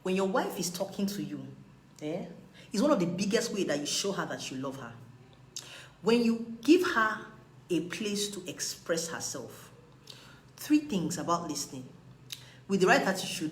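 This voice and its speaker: Emphatic woman lecturing, lively pitch. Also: moderate pace, echoey room, slight background noise, rough recording. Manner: emphatic, preachy, scolding. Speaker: relationship speaker. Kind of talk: live video talk on marriage.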